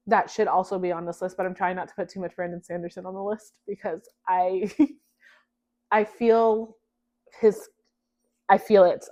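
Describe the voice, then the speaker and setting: A young woman vlogging to camera about books she plans to read, chatty and self-deprecating. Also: mid-range voice. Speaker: book vlogger. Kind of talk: casual chat to camera.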